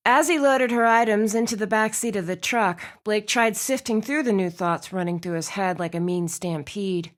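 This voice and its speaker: Female audiobook narrator, expressive, mid-pitched, steady storytelling. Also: moderate pace. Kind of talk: scripted narration.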